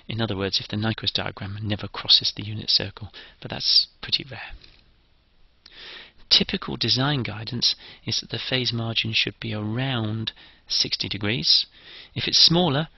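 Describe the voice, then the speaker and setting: A man's voice: on the low side, vocal fry, sharp tone, breathy edge, dry recording, muffled recording. A man giving a methodical, step-by-step engineering lecture.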